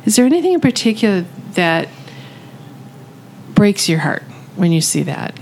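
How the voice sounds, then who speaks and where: A woman's voice: medium pitch, very animated, moderate pace, a little mellow, a little hiss or hum, low-quality recording. A woman hosting a faith discussion, asking questions and encouraging the others. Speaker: podcast host asking questions.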